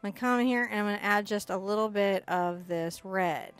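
A woman teaching an acrylic painting lesson, chatty and excitable, often bursting into giggly enthusiasm. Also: medium pitch, brisk, clear, resonant tone, no echo. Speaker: art instructor.

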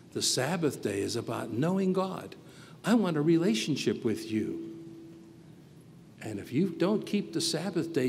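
A man giving a sermon as pastor, earnest, moving between quiet reflection and loud emphasis. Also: medium pitch. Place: church hall. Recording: reverberant hall with faint background noise.

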